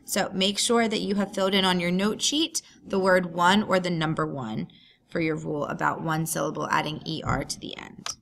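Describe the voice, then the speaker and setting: Woman, teacher, recorded lesson, step-by-step explaining, crisp bright tone, touch of vocal fry. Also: on the low side, steady tone, moderate pace, a little hiss or hum.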